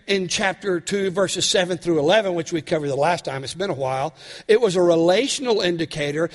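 High-voiced pastor preaching in a hall. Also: male voice. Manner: animated preaching, asks the congregation questions. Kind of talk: sermon. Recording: long hall reverb.

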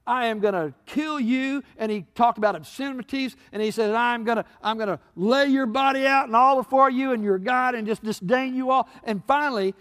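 A man preaching a sermon as pastor, swinging between loud peaks and hushed low passages, retelling scripture stories. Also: steady tone, fairly quick, few pauses. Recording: long hall reverb.

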